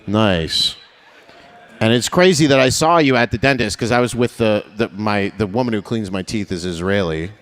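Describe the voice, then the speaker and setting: A man's voice: fairly low pitch, normal speed, fairly bright tone, clear, resonant tone. A young man doing stand-up on a live stage, brash and profane, chatting with the crowd and laughing at his own jokes. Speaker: stand-up comedian.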